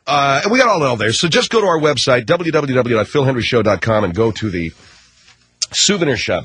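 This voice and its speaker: Husky, animated male radio host. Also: a little high, fast. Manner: brash, sarcastic, animated ranting. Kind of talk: comic talk radio monologue.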